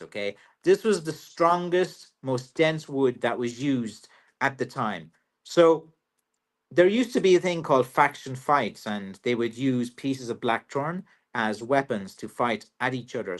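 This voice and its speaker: An Irish man hosts a casual livestream, answering viewer questions about his walking sticks. He is chatty and jokey, with plenty of ums and uhs. His voice sits at an ordinary middle pitch. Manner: chatty, joking, loose with fillers.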